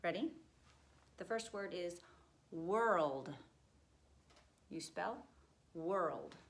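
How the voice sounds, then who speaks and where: A woman teaching children a spelling lesson, cheerful and encouraging, spelling words out slowly. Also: on the low side, expressive, roomy sound.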